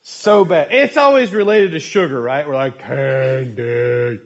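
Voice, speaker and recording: A man leads a casual youth group talk with a slightly high voice. He jokes loosely and tells stories with animation. The sound is a little muffled and dull. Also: normal speed. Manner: loose, joking, animated storytelling.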